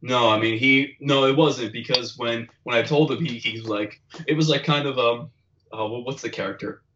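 A man hosting a casual podcast chat, telling a story with laughs and shouted impressions. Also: medium pitch, normal speed, lo-fi sound, slight background noise. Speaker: podcast host.

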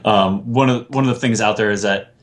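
A man's voice: fairly low pitch, steady tone, brisk. A man hosting a casual podcast chat, rambling with lots of fillers and restarts. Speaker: podcast host.

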